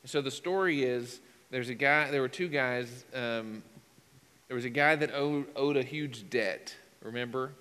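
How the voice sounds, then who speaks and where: A man's voice: mid-range voice, measured pace, sharp tone, smooth. Man preaching in a reverberant hall. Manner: conversational, rising emphatic bursts. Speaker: pastor. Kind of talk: sermon.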